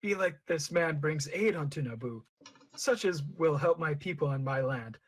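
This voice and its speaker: A man's voice: fairly high pitch, lively intonation, slightly rough, poor audio. A man reading Jar Jar's scheming inner verse. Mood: brooding. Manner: slow, measured reading of archaic verse. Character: clumsy-seeming male frog-like alien, secretly scheming.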